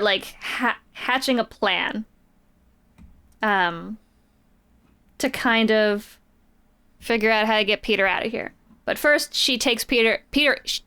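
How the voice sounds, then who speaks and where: A woman's voice: a little high, a little slow, pushed and bright, clean tone. A woman casually recapping a comic book story on a podcast, chatty and playful, slipping quoted lines into her retelling. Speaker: podcast co-host.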